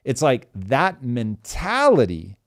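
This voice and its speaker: A man in his forties hosts a talk show, telling stories in an emphatic, animated way and swearing freely in casual chat. His voice is mid-range and he takes it slowly.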